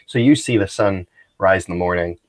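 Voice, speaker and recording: Low-voiced man game master. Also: fairly quick. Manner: casual, hesitant, many fillers. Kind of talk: narrating a tabletop game.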